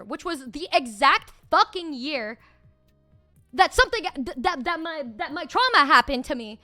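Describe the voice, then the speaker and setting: A woman's voice: high voice, animated, moderate pace, sharp tone. A woman streamer telling a story casually and animatedly, swearing and laughing often.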